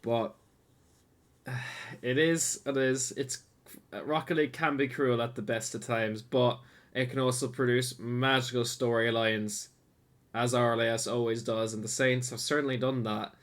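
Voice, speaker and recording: A man hosting an esports final, wrapping up in a relaxed, friendly way with halting restarts. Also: mid-range voice. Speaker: esports caster and host. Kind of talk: casual post-match commentary.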